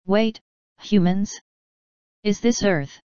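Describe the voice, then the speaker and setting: A woman voicing a gentle, shy young female pegasus with a whispery voice in a storybook reading. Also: mid-range voice, takes it slowly, smooth, no room sound, muffled recording, lightly acted. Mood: timid.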